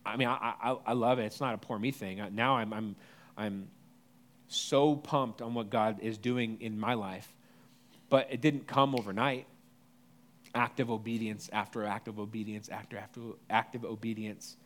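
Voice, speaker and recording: A pastor in his thirties delivering a sermon in a conversational, animated way, with asides to the congregation. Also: lowish voice, moderate pace.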